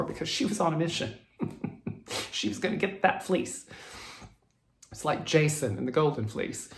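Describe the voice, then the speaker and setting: Gravelly, chatty stitching vlog host. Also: medium pitch. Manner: chatty, animated storyteller who reads viewer emails. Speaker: flosstube host. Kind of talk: casual storytelling vlog. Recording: roomy echo.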